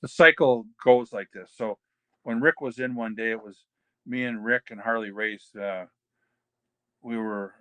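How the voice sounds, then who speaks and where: A man's voice: mid-range voice, sharp tone, no room sound. An older man in an interview, rambling through anecdotes and acting out the dialogue of the people in them. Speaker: interview guest. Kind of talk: storytelling shoot interview.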